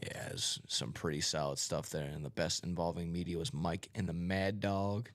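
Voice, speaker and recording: Male host of a live card break with a lowish, upbeat voice and a catchphrase-heavy, casual delivery. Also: fairly even intonation, moderate pace, no room sound. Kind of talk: casual live-stream banter. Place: card break room studio.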